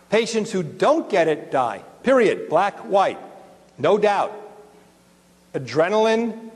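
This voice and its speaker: A middle-aged man giving a live lecture to dentists in an animated, joking way, swearing now and then. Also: high voice. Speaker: dental emergency lecturer. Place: lecture room with an audience. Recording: long reverb of a large hall.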